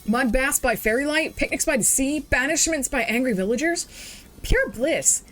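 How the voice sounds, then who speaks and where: A woman reading out a cheerful newlywed princess's letter in a brisk, wry voice. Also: high voice, expressive, a bit bright, soft background music.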